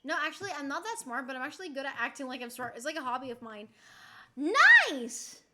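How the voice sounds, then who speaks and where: Young woman, high voice, bright tone, playful casual streamer chat, giggly. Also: rapid-fire, a little hiss or hum. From Puerto Rico.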